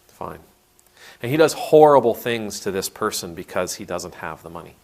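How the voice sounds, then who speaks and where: A man's voice: lowish voice, normal speed, a little mellow. A man, an Anglican priest, giving a casual spoken sermon on a parable, retelling it with voices and often restarting his sentences. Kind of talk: conversational video sermon.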